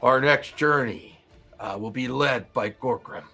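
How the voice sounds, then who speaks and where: A man's voice: mid-range voice, creaky, sharp tone, faint music behind, exaggerated voice. A hesitant servant of the sea council, played by a man running the game. He halts and stumbles through his words and keeps his tone deferential. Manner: hesitant, halting.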